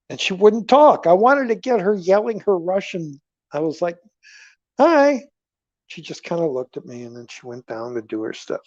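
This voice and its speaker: A man hosting a casual livestream, rambling through stories with animated swings between loud remarks and murmured asides. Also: on the high side, no echo. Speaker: livestream host. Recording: dull lo-fi livestream audio.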